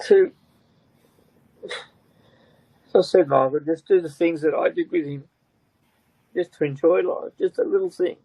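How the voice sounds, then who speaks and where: An older man, a grieving father who speaks in halting, repeated phrases with a tearful, breaking voice. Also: a little high, vocal fry, mellow, breathy edge, no room sound, poor audio. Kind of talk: emotional interview talk.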